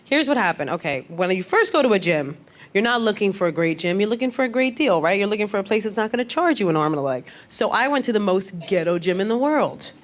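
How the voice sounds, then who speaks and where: A woman does stand-up in a comedy club, delivering stories punchily and impersonating other people's voices. Her medium-pitched voice swings widely and she talks fast. It's a live set recording with audible crowd, laughter and room noise.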